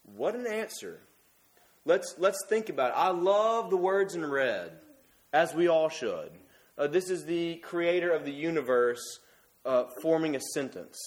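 A man's voice: fairly high pitch, expressive, a little slow. Earnest man preaching a sermon. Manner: earnest, emphatic, with repeated restarts.

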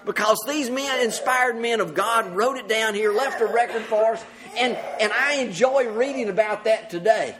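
A man's voice: high voice, normal speed, crowd noise. A man preaching a sermon to a congregation, earnest and often laughing as he speaks. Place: church service with congregation.

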